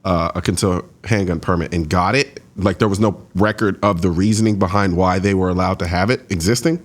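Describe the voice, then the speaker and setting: A man hosting an interview, asking animated, incredulous questions with frequent restarts. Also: deep voice, brisk. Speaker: host.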